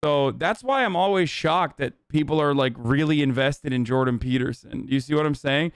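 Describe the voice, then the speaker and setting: A man in his thirties rants bluntly through a casual livestream, swearing freely as he argues. His voice sits a little high and comes across smooth and clean. The close mic leaves it dry, with no room sound. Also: normal speed, no echo. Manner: blunt, profane, opinionated rant. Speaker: streamer reacting to videos.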